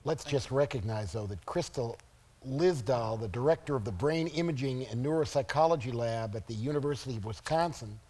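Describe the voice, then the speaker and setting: Halting man moderating a forum. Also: medium pitch, a little mellow. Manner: halting, repeats words.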